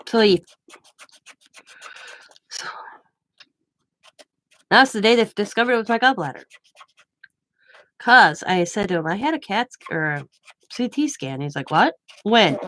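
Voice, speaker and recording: A woman's voice: medium pitch, measured pace, long pauses, no room sound. Chatty woman telling a story. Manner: chatty, animated retelling with quoted dialogue. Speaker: craft vlogger. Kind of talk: casual storytelling.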